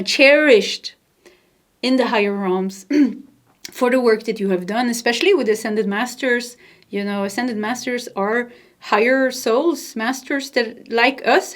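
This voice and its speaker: A woman with a Nordic accent giving a tarot card reading to camera, soft-spoken and gentle, laughing lightly now and then. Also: a little high. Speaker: tarot reader.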